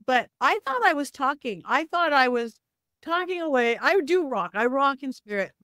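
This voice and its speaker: Animated woman telling a ghost story. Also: normal speed, no echo, clean studio sound. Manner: acts out voices in quotes, lively swings of pitch. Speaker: psychic medium guest.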